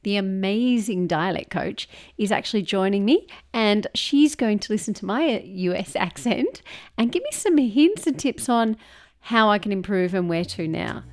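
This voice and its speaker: A woman's voice: mid-range voice, lively intonation, normal speed, darkish tone. A woman hosting a casual chat over a video call, bubbly and laughing often. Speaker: podcast host.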